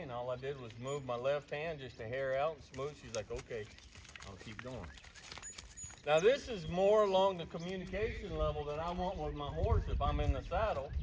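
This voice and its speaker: A man working as a horse trainer, calmly and patiently explaining while he works a horse outdoors. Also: on the high side. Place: outdoor round pen with horses. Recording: distant voice with outdoor noise.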